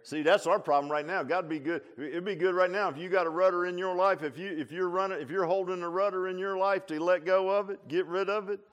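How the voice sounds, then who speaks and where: A man preaching a sermon as pastor, folksy and conversational, swinging between loud emphatic calls and low, quiet asides. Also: fairly even intonation, a little fast, few pauses, clean tone, dull audio.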